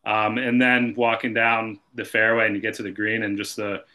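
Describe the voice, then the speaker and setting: An American man from the north-east USA, a golf professional guest on a podcast, talking casually with many fillers and trailing off softly. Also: on the low side, little pitch movement, normal speed.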